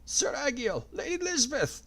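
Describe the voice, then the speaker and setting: A man voicing a frightened elderly village elder who speaks in a quavering, stammering voice, high above his own. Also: sing-song, brisk, a bit bright, heavily acted. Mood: panicked.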